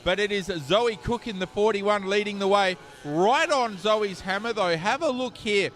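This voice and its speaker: A man's voice: sits high, normal speed, fairly bright tone. A man giving dramatic live commentary on a kart race, calling the action with emphasis. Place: outdoors at a dirt kart track.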